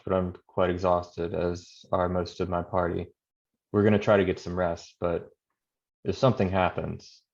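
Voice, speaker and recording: A man's voice: sits low, darkish tone. A man playing a tabletop game, speaking plainly and decisively. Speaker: player. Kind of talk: tabletop role-play. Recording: dull lo-fi mic.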